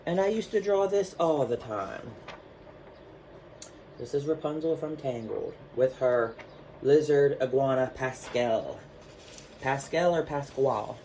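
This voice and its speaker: A man vlogging, telling a personal story in a chatty, animated way with lots of fillers while showing his artwork. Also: mid-range voice, a little slow, pauses often, a little hiss or hum.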